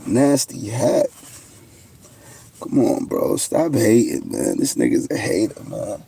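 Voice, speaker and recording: A man's voice: lowish voice, wildly swooping pitch, takes it slowly, vocal fry, dark tone, breathy edge. A young man, hosting a casual livestream, answering viewers with brash, boastful trash talk. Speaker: livestream host.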